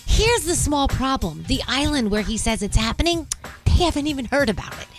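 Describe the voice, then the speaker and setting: A woman on a radio morning show giving a bubbly, quick rundown of entertainment news from the studio. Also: sits high, big pitch swings, music in the background.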